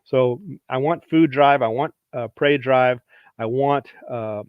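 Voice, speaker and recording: A man's voice: medium pitch, slow pace, clean tone, no echo. A man, a dog breeder and trainer, giving a practical instructional talk and repeating his points for emphasis. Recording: dull dry lo-fi sound.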